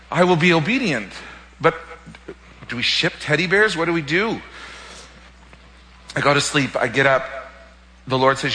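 Guy preaching, kinda high bright voice, echoey hall, tells his story all excited, stumbles over words. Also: normal speed, pauses often. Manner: animated, repeats words when excited. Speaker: pastor. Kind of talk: sermon testimony storytelling.

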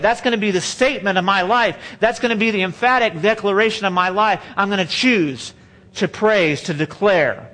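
A man's voice: high voice, normal speed, a bit bright. A man preaching a sermon, reading scripture and speaking emphatically in a conversational way. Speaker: pastor.

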